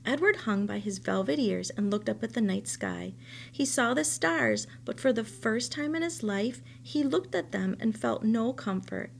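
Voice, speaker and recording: A woman teacher reading a children's novel aloud, telling the story in a steady, expressive way. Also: fairly high pitch, moderate pace, gravelly, slight background noise.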